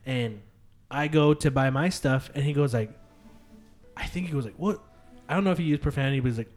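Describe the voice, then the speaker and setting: A man's voice: fairly high pitch, normal speed, faint music behind. A young man co-hosting a casual podcast, telling profane stories and acting out quoted voices. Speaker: podcast co-host. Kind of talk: casual chat.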